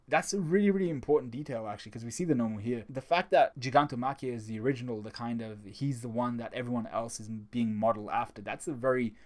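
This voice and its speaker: A man talking through a manga chapter in a casual, chatty review, getting excited and often restarting his sentences. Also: medium pitch, fast, few pauses.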